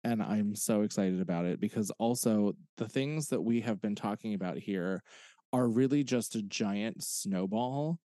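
A man co-hosting a podcast, chatting casually in a playful, expressive way and laughing often. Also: lowish voice, a little slow, dry recording, clean studio sound. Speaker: podcast co-host. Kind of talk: casual chat.

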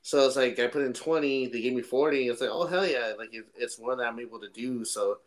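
A man with a medium-pitched voice, talking a little fast, co-hosts a casual podcast chat. He rambles, jokes around, and fills his speech with lots of fillers.

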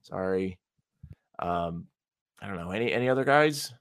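A man's voice: deep voice, lively intonation, normal speed, fairly bright tone, smooth, dry recording, studio quality. A man co-hosting a casual basketball podcast, talking in a loose, rambling, wry way. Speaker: sports writer and podcast co-host.

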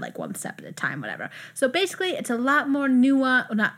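A woman co-hosting a podcast, chatting in an animated, talkative way about a TV show. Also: high voice, brisk. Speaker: podcast co-host. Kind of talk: casual chat about TV and movies.

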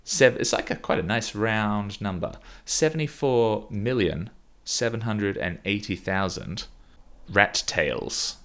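A man's voice: lowish voice, lively intonation, slow, fairly bright tone. A young man co-hosting a podcast, chatting playfully and laughing often. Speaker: podcast co-host. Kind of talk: casual chat.

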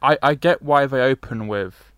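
A man co-hosting a relaxed review podcast, recorded dry and close with no room sound. He is laid-back and chimes in with short agreements. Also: medium pitch, normal speed, clear, resonant tone, dry recording. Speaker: podcast co-host. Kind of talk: casual wrestling review chat.

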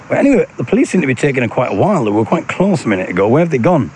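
A man improvising a comic audio blog outdoors in a park, speaking into a handheld phone. He rambles playfully, with a lively, wide-ranging pitch, and faint outdoor noise sits behind him. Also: racing. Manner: playful, rambling, switching between voices. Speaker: audio blogger.

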